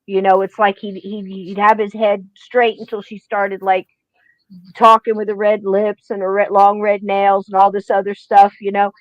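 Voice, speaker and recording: A woman's voice: medium pitch, moderate pace, no echo, dull audio. A woman hosting a podcast, chatting casually and acting out quotes as she tells stories. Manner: animated storyteller acting out quotes. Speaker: podcast host. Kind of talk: casual chat.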